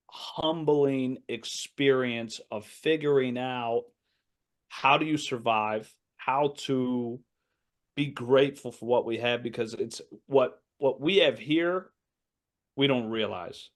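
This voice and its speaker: A man in his thirties, an assistant basketball coach, telling stories in a casual podcast interview with lively, acted-out quotes and frequent laughs. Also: medium pitch, slow pace. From United States. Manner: animated anecdote-telling, acting out quoted voices, laughs often.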